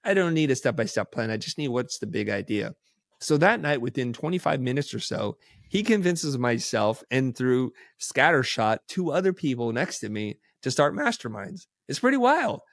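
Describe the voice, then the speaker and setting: Male podcast guest, middle pitch, animated storyteller who acts out dialogue, dry close mic. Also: normal speed, no echo. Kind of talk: casual storytelling.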